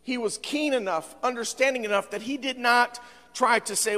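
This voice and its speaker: A male pastor preaching a sermon, with frequent "uh" fillers, swinging between fervent shouting and quieter appeals. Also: very high voice, moderate pace. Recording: long hall reverb.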